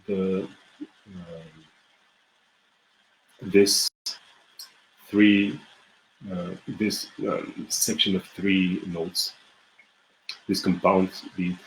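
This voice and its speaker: A man's voice: low-pitched, reverberant, a little hiss or hum, rough recording. A man with a Bulgarian accent teaching a folk song rhythm in an online music lesson, explaining with many fillers and restarts. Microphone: livestream mic.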